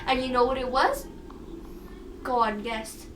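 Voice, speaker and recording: A woman with a high voice tells a spooky personal story for a class assignment. She is dramatic and animated, acting out what was said. She sounds a little distant from the mic, with music playing behind her. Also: a little slow. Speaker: student storyteller.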